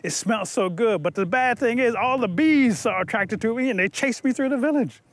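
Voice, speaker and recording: A man's voice: very high voice, brisk, dry recording, voice pushed up. A man doing a shy, lovesick young man. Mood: plaintive.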